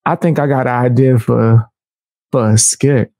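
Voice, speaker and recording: A man's voice: medium pitch, steady tone, a little slow, warm tone, no echo, studio quality. A man streaming live, reacting to clips with slangy, laid-back banter. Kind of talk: casual reaction stream chat.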